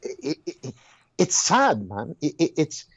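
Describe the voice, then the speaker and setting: A man's voice: a little high, a little slow, slightly rough, no echo. A man talking as a guest in a heated casual conversation, telling stories emphatically and restarting his words often. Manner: animated storyteller, repeats and restarts words, exclaims.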